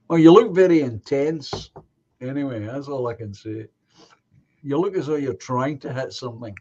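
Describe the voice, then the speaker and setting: A man hosts an online chat show from a video call, speaking slowly and laughing easily. His voice is at a middling pitch. The call audio sounds dull and muffled. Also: dark tone, husky. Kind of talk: casual chat.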